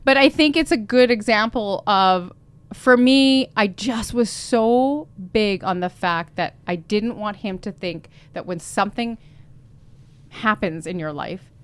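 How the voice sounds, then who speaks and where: A woman co-hosting a podcast, telling personal stories in a lively, emotionally open way. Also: medium pitch, measured pace, clean tone. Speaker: podcast co-host. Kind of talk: casual chat.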